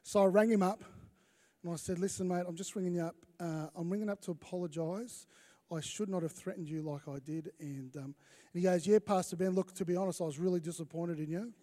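A pastor, a man, preaching in a relaxed, conversational way with flashes of self-deprecating humour. His voice sits high for a man. Long reverb from a large church hall trails after his words. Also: brisk. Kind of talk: sermon.

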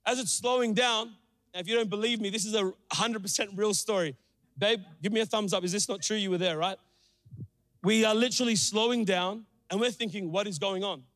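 A young man preaching a sermon, telling a story with animated, acted-out quotes. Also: a little fast. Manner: animated, acts out quotes with big pitch jumps. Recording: long hall reverb.

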